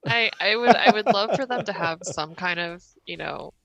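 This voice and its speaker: A woman's voice: mid-range voice, normal speed, a bit bright. A woman co-hosting a live stream, teasing and laughing in casual chat. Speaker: podcast co-host.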